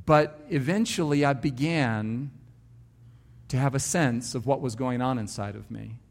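A man's voice: mid-range voice, measured pace. A man, a pastor, preaching a sermon and telling his own story with emphatic, varied delivery.

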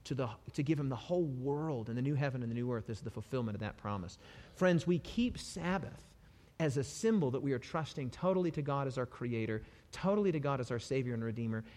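A man preaching a sermon with passion, moving between soft pleading passages and loud, emphatic ones. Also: medium pitch. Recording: long hall reverb.

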